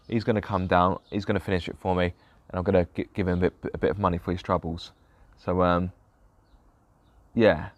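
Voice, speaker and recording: A man's voice: deep voice, dry recording. A young man narrating his own car repair vlog, grumbling in a self-deprecating way about fiddly parts. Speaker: car vlogger. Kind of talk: casual DIY vlog narration.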